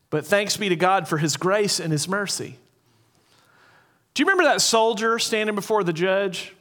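A man preaching a sermon in an earnest way, slowing down and repeating key lines for emphasis. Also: high voice, a bit bright. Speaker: pastor.

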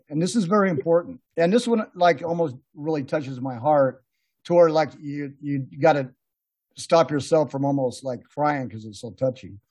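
A man's voice: fairly high pitch, a little mellow, slightly rough, no echo. A man hosting a podcast, telling rambling, laughing anecdotes in a casual chat with many restarts. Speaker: podcast host. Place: podcast room.

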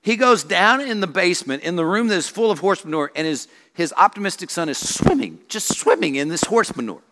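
A male senior pastor preaching a sermon, telling stories in an animated way. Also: high-pitched, fairly quick. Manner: animated storytelling with acted voices. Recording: long reverb of a church hall.

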